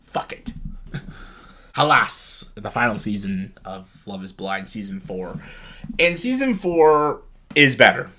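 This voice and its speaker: A young man with a medium-pitched, fairly bright voice vlogs casual commentary on a reality show. He rants bluntly and in exasperation, swearing heavily throughout.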